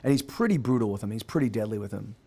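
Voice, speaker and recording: A man's voice: fairly low pitch, lively intonation, racing, warm tone, slight background noise. A man working as game master, narrating a tabletop game and rambling with many restarts.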